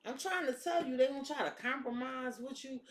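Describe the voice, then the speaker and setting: A woman's voice: sits high, fairly quick, a little hiss or hum. Blunt profane woman in an echoey room. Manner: blunt, profane, streetwise talk. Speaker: tarot reader. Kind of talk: casual tarot reading monologue.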